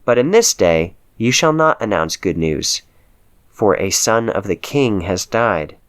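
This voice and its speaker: Man reading as a stern commander, firm and commanding, slow, lively intonation. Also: lowish voice, clean tone. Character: stern older army commander.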